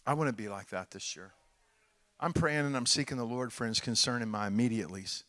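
Middle-aged Texan man, guest preacher, bright and forceful voice, folksy sermon in a reverberant church hall. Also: mid-range voice, brisk. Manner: folksy, animated, jokes with the congregation.

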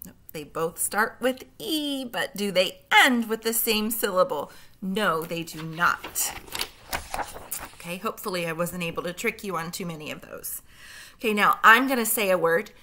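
A woman teaching a phonics lesson to young children, sounding out words slowly and clearly, with gentle encouragement. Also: mid-range voice. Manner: clear, slow, drawn-out word sounding.

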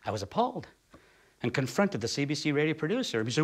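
A man's voice: fairly high pitch, sing-song, fast, breathy edge. A man from Canada delivering a performed spoken essay as a theatre artist, sardonic, blunt and profane.

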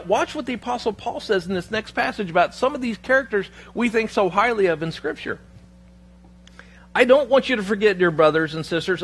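A man's voice: very high voice, a bit bright, husky. A man preaching a sermon in church, with a humorous, self-deprecating storytelling manner. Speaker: pastor.

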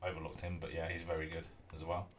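Deep-voiced and talking at a racing clip, a man gives laid-back commentary on a rugby video game he's streaming. He rambles and hums to himself, with slight background noise behind him.

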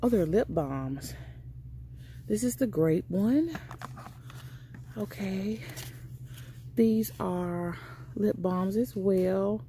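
A woman's voice: mid-range voice, animated, extremely slow, pauses often, mellow, slight background noise. A woman chatting casually to her viewers while she shops in a store, calling them y'all and honey. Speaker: vlogger. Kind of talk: casual shopping vlog. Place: inside a store.

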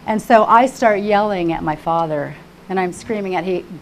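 A woman's voice: medium pitch, normal speed. Fervent older woman giving testimony. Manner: fervent, repetitive, swings from hushed to crying out. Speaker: conference speaker. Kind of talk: emotional personal testimony sermon.

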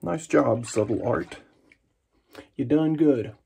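Man, shaving vlogger, chatty and joking, husky, gravelly. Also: mid-range voice, slow pace. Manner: relaxed, chatty and jokey while shaving. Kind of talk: casual shaving vlog narration.

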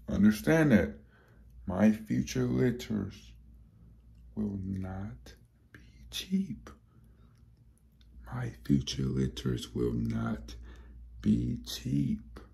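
A man's voice: lowish voice, mellow. A young man breeding dogs talks casually to a handheld camera, hyped and slangy and repeating himself over and over. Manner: hyped, repetitive, slangy, keeps repeating phrases. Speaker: dog breeder.

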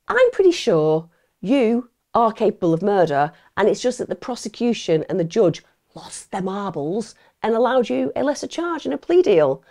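A woman's voice: mid-range voice, big pitch swings, moderate pace, warm tone, voice pushed up. A woman playing a determined detective who confronts a suspect with sarcastic, incredulous questions.

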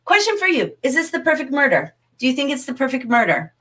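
A middle-aged woman teaching a livestreamed literature class, chatty and animated, reading viewers' comments aloud as she goes. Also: high-pitched, quick pace.

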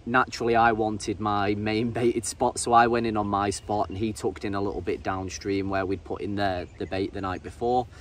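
Low-voiced English man, halting. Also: level tone. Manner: halting, repeats words, frequent ums. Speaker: angler and vlogger. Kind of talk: casual vlog narration. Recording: distant mic with faint ambient noise.

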